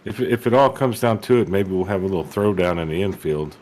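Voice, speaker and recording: A man's voice: deep voice, expressive, brisk, darkish tone, slight background noise. A man doing color commentary on a sim race, easygoing and joking with his booth partners.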